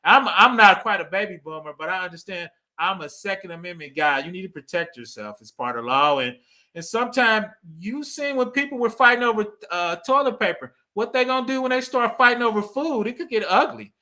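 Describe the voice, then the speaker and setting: A man's voice: sits high, fairly quick, sharp tone. A middle-aged man hosting a cybersecurity livestream, chatting casually with his viewers, laughing often and checking in with "right?". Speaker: cybersecurity channel host. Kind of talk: casual livestream commentary reading chat.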